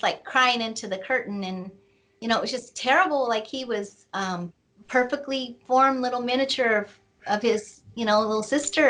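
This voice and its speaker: A middle-aged woman, an author, slowly telling a painful personal story in an interview, with many pauses and fillers. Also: on the high side, a bit bright. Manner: slow, reflective, with many fillers. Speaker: author and guest.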